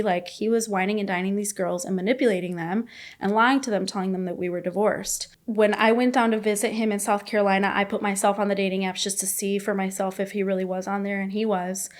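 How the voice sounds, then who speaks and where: Young woman guest, candid confessional storytelling, loose with fillers. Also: mid-range voice. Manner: rapid, emotional retelling with many fillers and quoted dialogue. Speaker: podcast guest.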